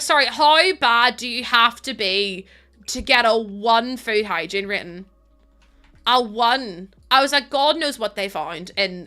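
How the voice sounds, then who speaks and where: A young British woman chatting casually to her viewers while she plays a game on a live stream. She talks in an expressive, chatty way, swears freely and laughs often. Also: medium pitch. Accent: British English.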